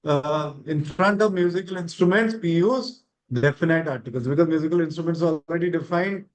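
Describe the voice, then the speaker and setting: A man's voice: fairly high pitch, a little fast, rough recording. A man teaching an online grammar class, encouraging students and checking with "right?".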